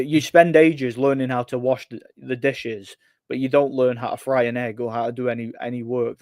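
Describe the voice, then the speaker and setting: Man, livestream host, casual rambling chat, average pitch, dry recording. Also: darkish tone, no room sound. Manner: rambling, frequent word repeats and fillers.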